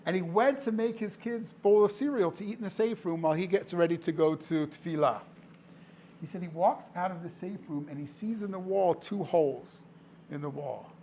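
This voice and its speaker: A man's voice: sits high, normal speed, dark tone, a little hiss or hum. Emphatic man telling stories to a crowd. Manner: emphatic, dramatic storytelling with repetitions. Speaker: director of a charity, guest speaker. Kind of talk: storytelling speech to an audience. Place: indoor room before a live audience.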